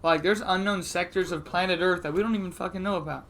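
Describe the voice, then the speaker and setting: A man's voice: high voice, quick pace, fairly bright tone. A man in his twenties co-hosting a podcast, chatting loosely with frequent laughter and swearing. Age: 20s. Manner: laughs often, loose and profane. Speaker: podcast co-host. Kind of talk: casual chat.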